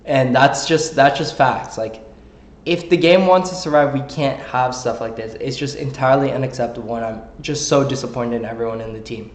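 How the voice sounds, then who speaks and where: A young gaming creator vents at a company in an indignant, rallying rant. His voice sits at an ordinary middle pitch, and the room around him rings with a noticeable echo. He fills his talk with ums and likes. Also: fairly quick. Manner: indignant, rallying, filler-heavy. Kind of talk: heated direct-to-camera rant. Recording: roomy echo.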